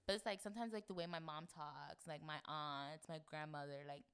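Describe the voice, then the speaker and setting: A woman's voice: sits low, a little fast, smooth. Chatty young woman from Florida. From Florida, United States. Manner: chatty and animated, swings into playful put-on voices. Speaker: podcast co-host. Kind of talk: casual chat.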